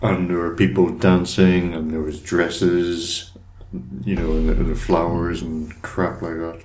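Male podcast co-host, very low voice, halting delivery, dry sarcasm. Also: flat delivery, darkish tone. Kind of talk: casual chat.

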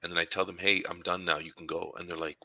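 Deep-voiced man telling classroom stories. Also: flat delivery, fast talker, pushed and bright, no echo, low-quality recording. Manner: storytelling, acts out dialogue with students. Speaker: supply teacher. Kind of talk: casual conversation.

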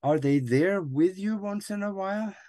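A man's voice: high-pitched, moderate pace, warm tone, no echo. Dry-voiced male talk show host. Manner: speaks straight to the audience as "folks". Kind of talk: interview talk show hosting.

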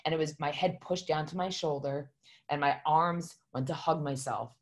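A woman with a notably deep voice talks casually, sharing a personal story. She is blunt and emphatic, swearing freely, and speaks from the heart in a confessional way. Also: normal speed.

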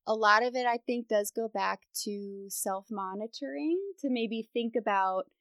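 Young female podcast guest, casual and chatty, creaky sentence endings, dry close mic. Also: a little high, a little slow, a bit bright, no room sound. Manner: casual, laughs often, vocal fry at sentence ends. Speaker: guest voice expert. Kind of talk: podcast interview.

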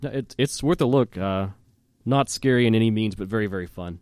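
A man hosting a podcast, telling a childhood story in a casual, animated way, with fillers and laughing at himself. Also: lowish voice, a little fast, clean tone, no echo. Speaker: podcast host.

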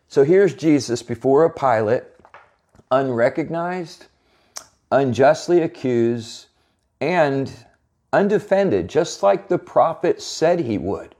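A man's voice: mid-range voice, dark tone. A man preaching an expository sermon in an earnest way, reading scripture aloud and then explaining it. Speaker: pastor.

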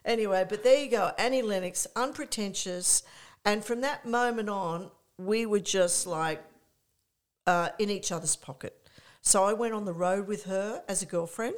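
An older woman, a guest in a casual interview, telling lively anecdotes with many restarts and fillers. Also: mid-range voice, normal speed. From Australia.

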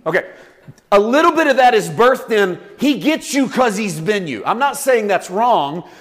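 Guy preaching in church, chatty and animated, kinda high voice. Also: moderate pace. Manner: conversational, animated, with acted asides. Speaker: pastor. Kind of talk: sermon.

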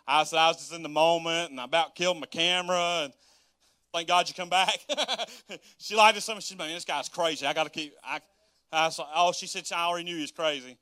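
A male pastor preaching a sermon, animated and joking as he tells stories and questions his congregation. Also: on the high side, fairly quick, no room sound, clean studio sound. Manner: animated, joking storyteller who addresses the congregation.

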